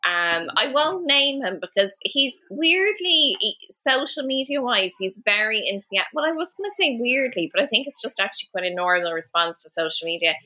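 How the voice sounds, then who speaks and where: A woman co-hosting a comedy podcast, rambling through self-mocking stories in animated banter. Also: fairly high pitch, moderate pace, few pauses, rough recording. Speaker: podcast co-host.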